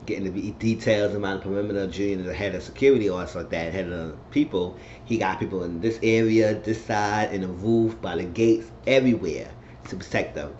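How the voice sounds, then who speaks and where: A low-voiced man recaps a TV episode in a loose, rambling way, padding it with filler phrases, brisk yet a little mellow. The recording is dull and lo-fi, with a faint hiss in the background.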